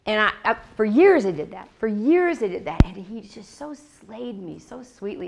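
A woman's voice: mid-range voice, expressive, normal speed, creaky, hardly any pauses, darkish tone, a little hiss or hum. A woman teaching a Bible study in a chatty, confiding way, full of asides.

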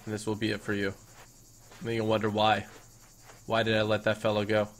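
A young man doing playful, hammy let's-play commentary, now and then bursting into loud excited shouts and talking to the game's creatures in a mock-grand voice. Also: on the low side, brisk, noisy background. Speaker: gaming YouTuber.

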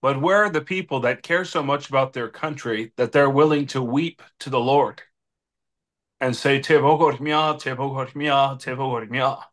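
A man's voice: medium pitch, moderate pace, a bit bright. A man speaking as an interview guest, making an impassioned, preacher-like plea with repeated appeals to God. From United States. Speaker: guest, political adviser.

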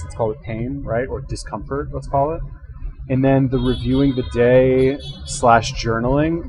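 A man's voice: mid-range voice, a little mellow, breathy edge, low-quality recording. A man hosting a reaction video, thinking aloud in casual commentary, rambling and correcting himself as he goes, speaking into a headset.

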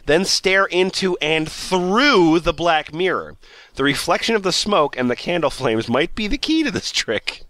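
A man reads a blog post aloud on a casual comedy podcast, breaking into giggles as he goes. His voice is bright and fairly high, with a lively, swinging pitch. The recording is dry and close, with almost no room sound. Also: measured pace, no room sound.

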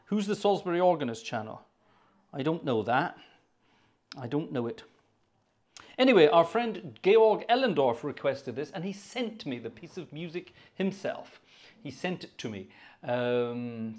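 Chatty organist host, higher voice. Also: male voice, animated, moderate pace. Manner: chatty, muttering asides to himself. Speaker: organist hosting a live stream. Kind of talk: casual live-stream chat.

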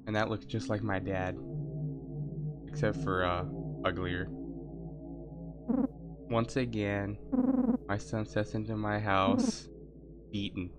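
A man's voice: lowish voice, flat delivery, takes it slowly, long pauses. A young man giving joking, rambling let's play commentary into a desk mic. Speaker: gaming commentator. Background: game music.

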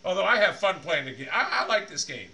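A bright, forceful male voice, a little higher than most men's, talking over his gameplay as a streamer. He curses freely, ranting loudly at the game one moment and mumbling quietly to himself the next. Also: sing-song, fast talker, vocal fry, breathy edge. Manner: swears a lot, swings from loud frustrated rants to low muttering. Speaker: gaming streamer. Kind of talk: live game commentary.

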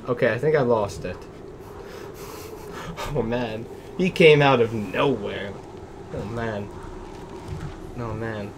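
A man's voice: medium pitch, moderate pace, pauses often, noisy background. Jittery man muttering over a game. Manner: jittery, nervous muttering and exclaiming. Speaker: let's play gamer. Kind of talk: gaming commentary.

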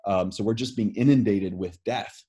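A man's voice: fairly low pitch, normal speed, warm tone, breathy edge. A man, speaking as an interviewed scientist, explaining earnestly with many fillers and restarts. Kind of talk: video call interview.

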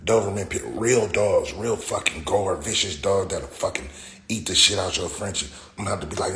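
Brisk and a bit bright despite his low voice, a man tells casual stories on a live stream, packed with slang, swearing, and laughter. Echo fills the room, along with faint noise.

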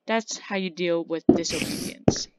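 A woman's voice: fairly low pitch, fairly even intonation, measured pace. A woman giving casual gameplay commentary, playfully trash-talking the characters in her game. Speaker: gaming channel host. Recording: loud background noise.

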